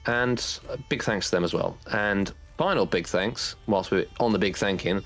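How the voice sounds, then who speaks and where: Low-voiced man thanking everyone. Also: normal speed, a bit bright. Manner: rambling, heartfelt, many fillers. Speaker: tournament organizer and host. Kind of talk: casual stream chat.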